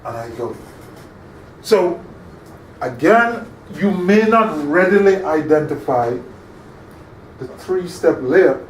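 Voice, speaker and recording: A man's voice: fairly high pitch, expressive, takes it slowly, pauses often. A male instructor giving an interactive classroom lecture, often quizzing his listeners and checking that they follow. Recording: echoey room, distant mic, faint hum.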